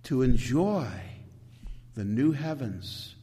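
A man's voice: medium pitch, expressive, slow pace, warm tone. A middle-aged man preaching a sermon, telling a personal story with repeated words and building into recited scripture. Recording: long hall reverb.

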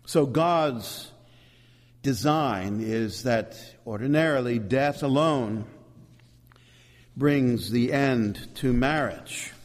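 A man preaching a sermon, animated and emphatic, with asides to the congregation. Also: medium pitch, big-room sound. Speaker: pastor.

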